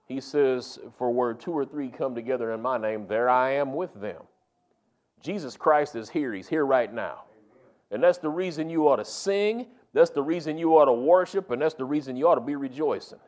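A man preaching in a relaxed, down-home way, his voice sitting at an ordinary middle pitch. He leans on key phrases and pushes up into loud, emphatic peaks to drive home a point. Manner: folksy, emphatic preaching with rising, punchy climaxes. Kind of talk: sermon.

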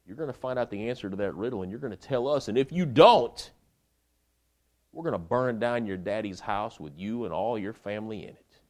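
A gang of streetwise thugs issues threats, hushed and menacing at first, as a male preacher puts them on. The voice stays close to the preacher's own low register. The threats carry a casual street swagger. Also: fairly quick, lightly acted. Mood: threatening. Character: menacing gang of thuggish men.

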